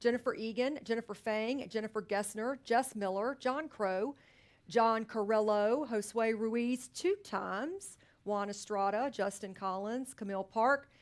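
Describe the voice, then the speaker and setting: Co-host, female: upbeat, chatty name-reader, pitched a little high. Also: measured pace. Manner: upbeat, cheering and laughing between names. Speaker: co-host of a live brokerage sales meeting. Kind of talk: casual live co-hosting, reading name lists. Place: company studio.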